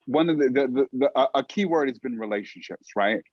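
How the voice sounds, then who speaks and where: A man co-host asks his questions slowly and thoughtfully, with halting restarts. His voice sits at a middle pitch. The recording is muffled and lo-fi, with no room echo at all. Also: lively intonation. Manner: thoughtful, halting, tags sentences with "right?". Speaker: podcast co-host. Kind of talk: casual podcast conversation.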